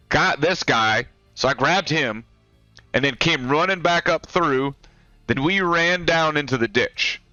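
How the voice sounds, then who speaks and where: A man's voice: medium pitch, pushed and bright, no echo. A young man, a former Marine, casually telling a rambling, profane story while pointing things out on a map. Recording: dry, dull lo-fi sound with faint music.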